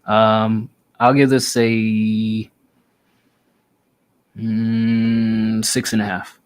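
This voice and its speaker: A man hosting a casual music review show, giving measured critical feedback. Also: lowish voice, monotone, clean tone.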